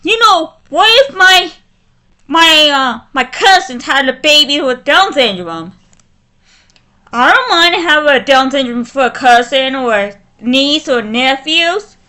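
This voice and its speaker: A woman with a high, bright voice rants angrily to camera, stumbling and restarting her sentences. She speaks slowly and deliberately despite her fury. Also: animated. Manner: furious, halting, with many restarts. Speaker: vlogger. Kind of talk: angry ranting vlog.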